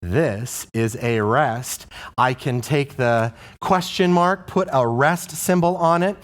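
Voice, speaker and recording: In an instructional video for music teachers, a male elementary music teacher explains a singing game to other teachers. He speaks slowly in a medium-pitched voice, asks the viewer questions, and chants rhythm syllables.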